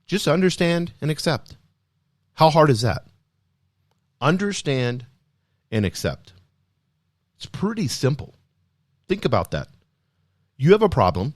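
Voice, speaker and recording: A man hosting a podcast, speaking in an energetic, emphatic motivational style full of rhetorical questions. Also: medium pitch, unhurried, long pauses, dry recording, studio quality. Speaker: podcast host. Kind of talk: motivational solo talk.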